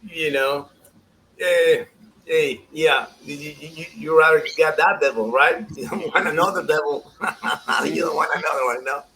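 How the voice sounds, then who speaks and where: Animated man chatting about soccer. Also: a little high, unhurried, poor audio. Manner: animated, laughing, many restarts. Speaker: soccer show co-host. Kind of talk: casual sports chat.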